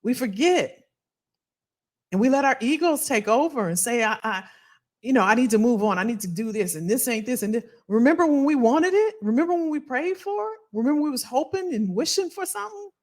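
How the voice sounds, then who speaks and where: A woman's voice: high voice, a little fast. A woman hosting a motivational live stream, reading viewer comments and cheering people on, repeating her phrases. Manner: animated, preachy and encouraging, repeats phrases.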